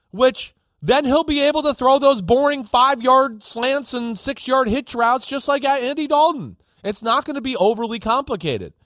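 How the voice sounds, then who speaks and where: High-voiced, emphatic football analyst man. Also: no room sound, studio quality. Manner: emphatic, animated, acts out players' reactions. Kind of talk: studio sports talk.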